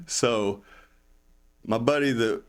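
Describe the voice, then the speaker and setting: His voice is smooth and mid-range, and he talks slowly: a man appearing as a podcast guest, winding through a long casual story. He gets louder each time he performs someone else's words.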